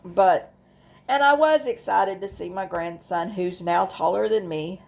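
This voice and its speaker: Slow, gravelly woman vlogging. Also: mid-range voice, darkish tone. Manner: rambling, with many restarts and asides. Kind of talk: casual talk to camera about grief.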